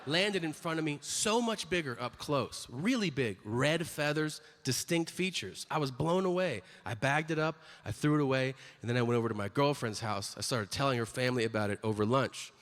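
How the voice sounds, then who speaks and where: A middle-aged man doing a stand-up routine on a comedy stage, telling crude, deadpan stories with sudden loud outbursts. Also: mid-range voice, moderate pace, few pauses, in a large hall.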